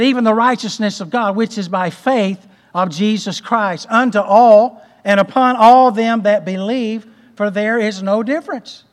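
A man's voice: sits high, in a large hall. A man preaching a folksy sermon, restarting phrases and asking the congregation for an amen. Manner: folksy, repeats words and restarts, asks amen. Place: church.

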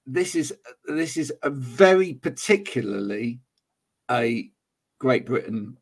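A man hosting a casual podcast chat, animated and laughing as he acts out what other people say. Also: medium pitch, slow pace, vocal fry, slightly rough. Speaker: podcast host.

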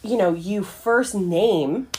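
Husky-voiced woman hosting a podcast. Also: medium pitch, slow, darkish tone. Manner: conversational, often checks in with "right?", casual swearing. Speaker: podcast host. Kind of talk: solo podcast monologue.

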